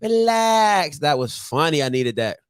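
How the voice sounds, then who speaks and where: A man's voice: high-pitched, sing-song, moderate pace, no echo, clean studio sound. A male host of a call-in show, easygoing and slangy, laughing often as he takes callers. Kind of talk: casual call-in show hosting.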